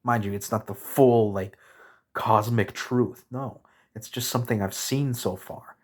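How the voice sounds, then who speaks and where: Husky man ranting bluntly to camera. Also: medium pitch, fairly even intonation, a little slow. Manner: frustrated, blunt, swearing, rambling with self-corrections. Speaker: vlogger. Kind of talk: candid rant to camera.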